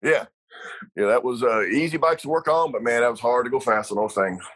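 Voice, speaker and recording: A man's voice: medium pitch, fairly quick, a bit bright, breathy edge, poor audio. A middle-aged man, a retired racer telling salty stories in a casual interview, rambling with lots of fillers and laughs.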